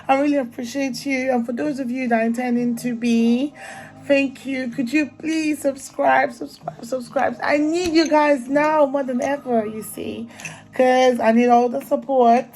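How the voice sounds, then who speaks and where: A woman's voice: high-pitched, darkish tone, low-quality recording. A young woman from Africa with an African accent, chatting casually and animatedly to her vlog viewers and laughing often. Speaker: vlogger.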